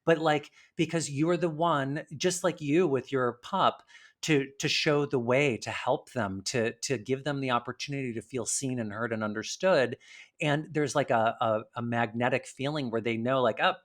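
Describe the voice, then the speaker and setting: Earnest man speaking gently. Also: mid-range voice, moderate pace. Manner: earnest, gentle, many fillers and restarts. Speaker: animal communicator guest. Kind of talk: casual conversation.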